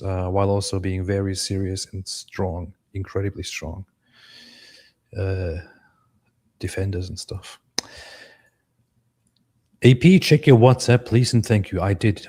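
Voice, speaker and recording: Relaxed low-voiced man reading chat. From Turkey. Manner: relaxed, reads viewer comments aloud, laughs easily. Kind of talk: casual livestream chat.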